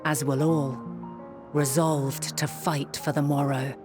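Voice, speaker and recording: A low, unhurried voice of an ancient, wise and motherly figure in a game, each formal line weighed and calm. Clear game score music swells behind her. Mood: solemn resolve. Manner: solemn, measured, formal speech. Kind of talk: game cutscene voice acting.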